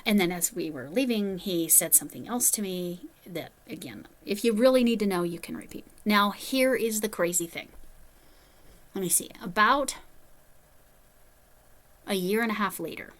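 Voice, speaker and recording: Woman, casual storyteller, rambling and self-mocking, mid pitch. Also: expressive, moderate pace, fairly bright tone. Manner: chatty, rambling asides, self-deprecating. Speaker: crochet vlogger.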